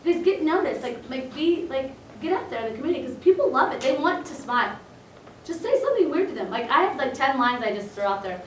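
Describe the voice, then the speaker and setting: A woman's voice: high-pitched, big pitch swings, fast talker, slight background noise. A woman chiropractor giving a casual, chatty seminar talk to colleagues and acting out bits of dialogue. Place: meeting room. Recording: echoey room, mic at a distance.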